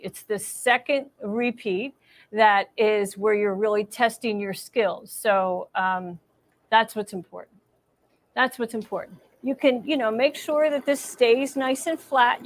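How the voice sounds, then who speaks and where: A middle-aged woman teaching a live machine embroidery demonstration, chatty and encouraging as she narrates each step. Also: on the high side. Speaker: embroidery instructor. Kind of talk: live-streamed sewing demonstration.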